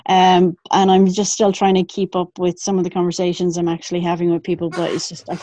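A woman in casual chat on a group call, chatty and quick to swear, laughing at herself. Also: fairly low pitch, completely flat delivery, warm tone, dry recording. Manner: chatty, swears freely, self-deprecating. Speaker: group member in online call.

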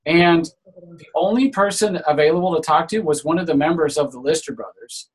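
A man's voice: fairly high pitch, a little fast, rough recording. A man casually telling a story on a group call, earnest and a little aggrieved.

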